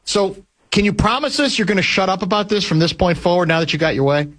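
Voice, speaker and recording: A man's voice: high-pitched, animated, fast talker, fairly bright tone. A man hosting sports talk radio in casual banter, blunt and sarcastic as he needles his guest. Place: radio studio.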